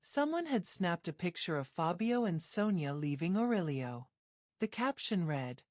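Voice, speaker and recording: A woman's voice: big pitch swings, a little slow, darkish tone, no room sound, studio quality. A woman narrating a romance drama, reading scripted lines with a dramatic storytelling manner. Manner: dramatic storytelling, acting out dialogue with lifted pitch.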